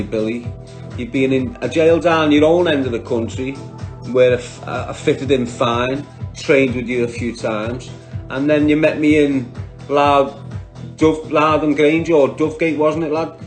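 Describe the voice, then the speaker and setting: A man's voice: medium pitch, steady tone, unhurried, soft background music. A man with a Liverpool Scouse accent, talking on a livestream, bluntly and combatively answering viewers by name. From Liverpool, England.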